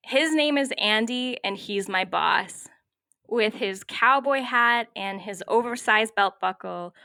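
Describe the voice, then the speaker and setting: A young woman from Canada telling a lively personal story with wry humor, recorded at her home. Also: a little high, clear, resonant tone, no echo, studio quality. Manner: lively, vivid scene-setting with wry humor. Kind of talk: personal story told to a podcast.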